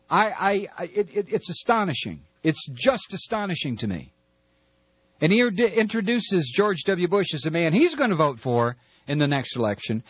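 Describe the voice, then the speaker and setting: A man's voice: high-pitched, very animated, normal speed, breathy edge, no room sound. Heated man on lo-fi radio. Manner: impassioned, stammering, sarcastic. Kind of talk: political rant monologue. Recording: dull lo-fi recording.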